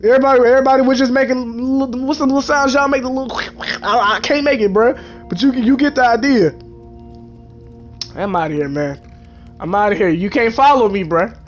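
A young man talks his way through a game in an animated, mock-dramatic style, speaking to the characters. His voice sits very high, with faint game music running underneath. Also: a little fast. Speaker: gaming YouTuber. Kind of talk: comedic let's-play commentary.

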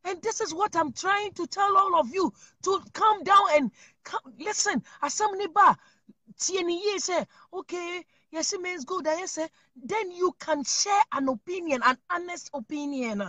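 A person from Ghana with a Ghanaian accent, giving animated commentary to viewers, emphatic and repetitive, mixing Twi and English. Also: very high-pitched, a little slow, no room sound. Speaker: online commentator.

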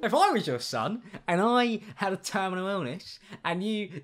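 A man giving casual reaction commentary, with sarcastic, deadpan asides. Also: high voice, normal speed, few pauses, noisy background. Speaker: YouTube commentator.

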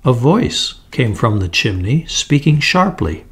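A man reads a fairy tale aloud at a slow, deliberate pace. His voice is gravelly and husky, sitting at a middling pitch, unhurried throughout. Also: very animated, fairly bright tone. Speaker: storyteller. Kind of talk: storybook narration.

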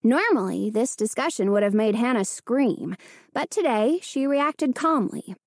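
Expressive woman reading a storybook. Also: on the high side, unhurried, no room sound, clean studio sound. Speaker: audiobook narrator. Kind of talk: scripted narration.

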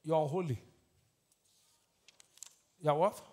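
A man preaching a fiery sermon as pastor, breaking into loud shouted peaks and reciting scripture. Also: fairly high pitch, unhurried. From Nigeria. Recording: long hall reverb.

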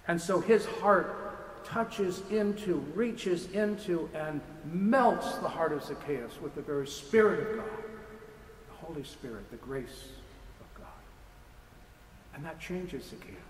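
A man's voice: fairly high pitch, slow pace. A man, a priest giving a lecture sermon in a church, speaking with impassioned, repetitive rhetorical build-ups. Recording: echoey church hall with faint noise.

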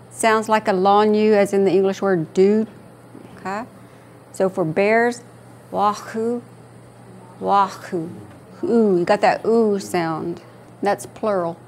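A woman instructor teaching a language class, slowly repeating each word for her students in a patient manner. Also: mid-range voice, darkish tone, a little hiss or hum.

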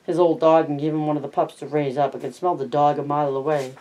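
A reader voicing Carlson, a gruff, blunt ranch hand in a read-aloud of a novel. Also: mid-range voice, level tone, fast talker, darkish tone, natural voice, poor audio.

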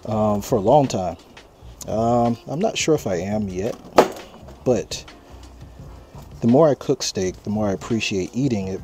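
A man hosting a casual cooking vlog outdoors at a grill, talking straight to his viewers in a laid-back, chatty way. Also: mid-range voice. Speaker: cooking channel host. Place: outdoors at a charcoal grill, windy. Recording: outdoor noise of wind and popping fire. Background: wind and crackling fire.

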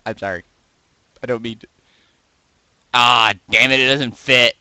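A man casually reading and joking about viewer posts, laughing often and swinging between loud outbursts and mumbles, close to his desk mic. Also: mid-range voice, steady tone, unhurried, no room sound, rough recording. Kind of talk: casual commentary. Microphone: desk mic right beside him.

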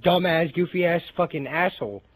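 A young man gaming with friends, trash-talking, mock stuttering and yelling in bursts. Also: fairly high pitch, fairly quick. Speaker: gamer. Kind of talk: casual party chat over gameplay.

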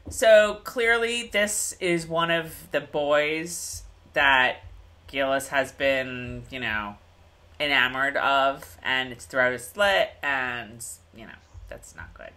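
A woman's voice: extremely low pitch, animated, slow, bright, forceful tone. A woman co-hosting a show, chatting casually and recapping an episode with lots of fillers and asides. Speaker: podcast co-host.

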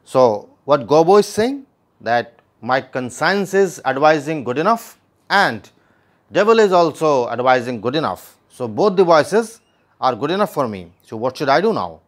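A man's voice: on the high side, big pitch swings, moderate pace. A man teaching a play line by line, reading each passage and then restating it in plain words. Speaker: literature teacher.

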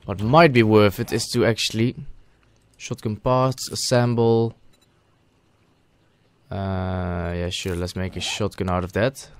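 A man hosting a gaming channel, giving let's play commentary as he talks to himself and bursts into loud, excited shouts. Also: fairly low pitch, slow pace, long pauses, clear, resonant tone.

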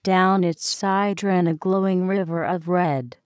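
A woman reading a children's story aloud in a gentle, expressive way. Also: on the low side, measured pace, smooth, no room sound.

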